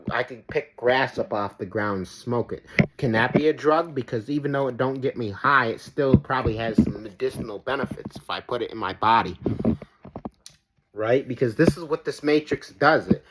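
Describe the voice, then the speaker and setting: A man hosting a reaction video who rants in a rambling, profane, exasperated way, full of "like". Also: mid-range voice. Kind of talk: ranting reaction commentary. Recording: steady background noise.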